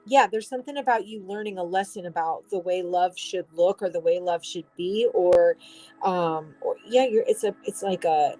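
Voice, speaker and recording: A woman's voice: lowish voice, moderate pace, mellow, faint music behind, rough recording. A woman giving a casual tarot reading, rambling and restarting, swearing now and then. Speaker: tarot reader.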